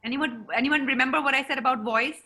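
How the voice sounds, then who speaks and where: A woman gives a lively, encouraging seminar talk and quizzes her listeners. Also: high-pitched, fast. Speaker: seminar speaker and trainer. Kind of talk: interactive talk to an audience.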